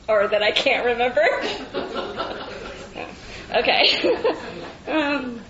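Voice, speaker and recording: Slow, halting woman sharing at a meeting. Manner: halting, with frequent fillers and restarts; laughs often between phrases. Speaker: recovery meeting speaker. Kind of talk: personal share at a recovery meeting. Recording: echoey, dull meeting-room recording with faint rumble.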